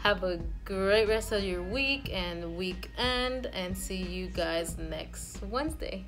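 A woman's voice: medium pitch, takes it slowly, over music. Chatty young woman vlogging, rambling. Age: 20s. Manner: rambling, chatty, laughs easily. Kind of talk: casual vlog chat.

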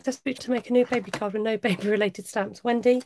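Woman, West Country twang, chatty live craft host, gravelly edges, fairly high voice. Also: steady tone, a little fast, background noise. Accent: English West Country. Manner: warm chatty, laughs often, talks while working. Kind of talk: chatty live craft stream, reading chat.

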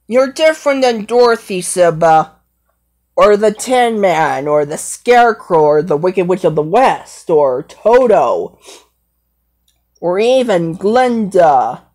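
Simba, as a woman puts him on, a halting lion. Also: fairly low pitch, lively intonation, darkish tone. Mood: earnest. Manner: rambling, hesitant, halting. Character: brave brooding young male lion. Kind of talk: amateur fan role-play.

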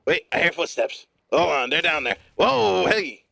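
A male streamer giving live gameplay commentary in a put-on gruff newsman voice, profane and playful. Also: on the high side, moderate pace, pushed and bright, dry recording, studio quality.

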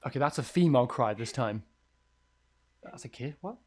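A man's voice: medium pitch, lively intonation, moderate pace, slight background noise. A man giving let's play commentary on a horror game, jumpy and thinking aloud, swearing often. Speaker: gamer playing a horror game.

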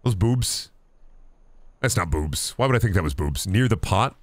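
A man streaming a game live, swearing a lot and talking straight to his chat in an excitable, rambling way. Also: deep voice, brisk, dry recording. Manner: profane, excitable, talks to chat. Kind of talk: casual live-stream commentary.

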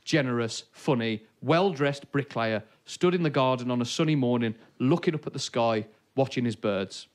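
A young man with a Black Country accent telling a comic story to a live audience, animated with comic asides. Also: medium pitch, moderate pace, few pauses, a little hiss or hum. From Black Country, England. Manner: animated, comic asides, bursts into shouted impressions. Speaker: comedian. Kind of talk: stand-up storytelling. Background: audience laughter.

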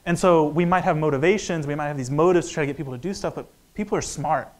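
Joking economics lecturer, fairly high voice. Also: male voice, quick pace. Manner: joking, conversational, acts out dialogue. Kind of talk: lively lecture talk.

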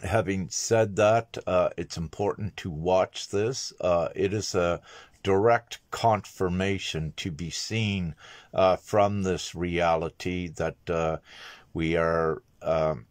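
Male spiritual teacher, deep low voice, dry close sound, measured and halting. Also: steady tone, no room sound. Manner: measured, halting delivery with frequent filler pauses. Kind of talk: monologue video message.

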